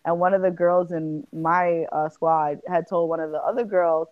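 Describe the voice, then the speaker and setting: A woman in her twenties with a New York accent, chatting casually and telling stories with lively retold quotes. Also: fairly low pitch, moderate pace, no room sound, phone-quality sound. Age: 20s. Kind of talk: casual chat.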